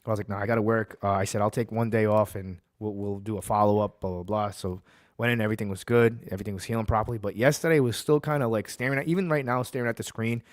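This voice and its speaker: A man's voice: on the low side, fast, no echo, studio quality. Fired-up man hosting sports talk. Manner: heated ranting, then relaxed storytelling. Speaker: podcast host. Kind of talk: casual sports talk and storytelling.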